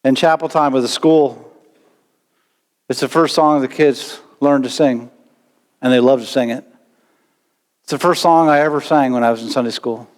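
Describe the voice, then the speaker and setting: A male pastor preaching a sermon with animated delivery and sudden loud bursts. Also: mid-range voice, normal speed, long pauses. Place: church sanctuary. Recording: long church reverb.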